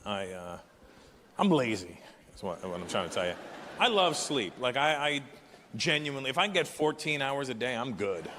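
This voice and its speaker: A man from Canada in his fifties, performing live stand-up with brash, animated storytelling. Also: mid-range voice, moderate pace, a little hiss or hum. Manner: animated, brash storytelling that jumps into character voices. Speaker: stand-up comedian. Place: large live venue. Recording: echoey hall with loud ambience.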